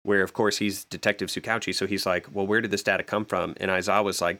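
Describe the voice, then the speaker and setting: A man co-hosting a podcast, casually recapping and discussing manga chapters in a relaxed, thoughtful way with fillers. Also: low-pitched, quick pace, few pauses. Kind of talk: casual chat.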